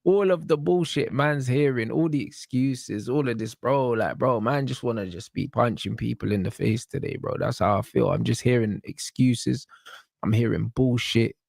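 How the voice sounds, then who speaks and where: A man's voice: mid-range voice, moderate pace, vocal fry, darkish tone, no room sound, clean studio sound. A man, angrily fuming about his football team in casual slang-heavy chat. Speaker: football channel host.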